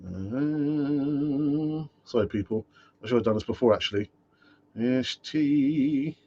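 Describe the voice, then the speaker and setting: A man hosting a solo live fan-channel stream, ranting and talking to himself in an animated way. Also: medium pitch, slow. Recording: dull lo-fi sound.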